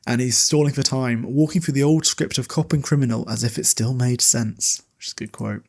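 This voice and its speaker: A man hosting a podcast who recaps a novel in a loose, casual way. He laughs easily, and he drops fillers and paraphrased quotes between passages he reads aloud. His voice sits at an ordinary middle pitch. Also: fairly even intonation, fairly quick, gravelly, a little mellow. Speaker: podcast host. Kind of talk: casual book recap mixed with reading aloud.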